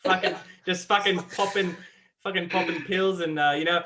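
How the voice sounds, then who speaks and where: A man's voice: high voice, steady tone, moderate pace, sharp tone, a little hiss or hum. A man putting on a foul-mouthed Australian bloke with an Australian accent, swearing and laughing through a tall tale. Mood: rowdy. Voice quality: coarse, swears nonstop, laughing.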